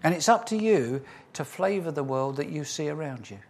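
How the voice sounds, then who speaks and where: A man preaching a sermon as pastor, emphatic, repeating key phrases and slowing for stress, then leading a prayer. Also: fairly high pitch, lively intonation, vocal fry.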